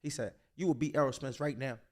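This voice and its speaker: A young man, a boxer, telling stories in a casual interview, animated and slangy, full of "like" fillers. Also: medium pitch, fast talker.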